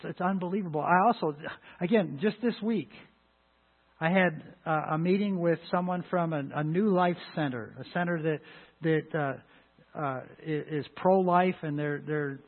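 A pastor preaching a sermon, talking emphatically with frequent restarts and sudden loud rises. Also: male voice, a little high, a little slow, gravelly. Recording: phone-like lo-fi line.

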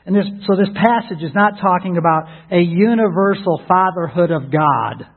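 Husky-voiced preacher on tinny radio. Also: male voice, high voice, normal speed. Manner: earnest, repeats words when starting a thought. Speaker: pastor. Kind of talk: sermon. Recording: tinny narrowband radio broadcast.

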